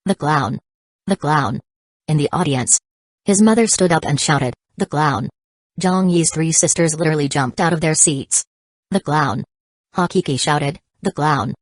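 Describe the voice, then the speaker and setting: A woman reads a dramatic novel aloud as an audiobook narrator. Her voice sits low and the recording is dry and close, with no room sound. She keeps a steady, even narrating pace. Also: no room sound. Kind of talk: scripted narration.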